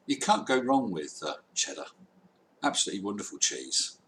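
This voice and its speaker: A man's voice: lowish voice, big pitch swings, moderate pace, a bit bright, a little hiss or hum. A man hosting a live stream, chatting casually and wryly reading out viewer comments. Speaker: livestream host.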